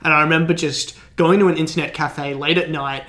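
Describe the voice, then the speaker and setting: A podcast co-host from Australia, a man with a slightly raised pitch. He rambles through long anecdotes in casual chat, restarting sentences and piling up fillers. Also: fairly even intonation, a little fast, bright, forceful tone.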